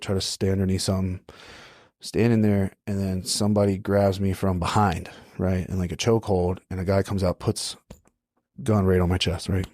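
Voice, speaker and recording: A young adult man with a low voice tells his stories in a casual, laid-back way, checking in with "right?" as he goes. The sound is close and dry, with no room around it. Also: little pitch movement, moderate pace, darkish tone, no room sound. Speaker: podcast guest. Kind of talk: casual storytelling.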